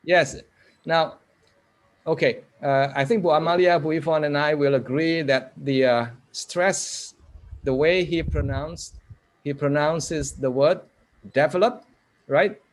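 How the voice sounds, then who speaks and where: A man's voice: a little high, slow pace. A man giving an online English lesson, coaching participants by name and having them repeat words. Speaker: keynote speaker teaching English pronunciation. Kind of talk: online lecture with audience drills.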